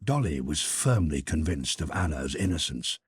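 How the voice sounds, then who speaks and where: A man narrating an audiobook in an expressive, measured storytelling manner. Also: rumbling low, breathy edge, dry recording. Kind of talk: scripted narration.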